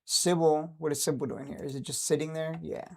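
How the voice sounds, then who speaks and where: Streamer type, man in his 30s, mellow tone, keeps chuckling between remarks. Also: on the high side, little pitch movement, a little fast, creaky. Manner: laughs often, chuckling and upbeat. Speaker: stock trading streamer. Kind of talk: casual livestream chat.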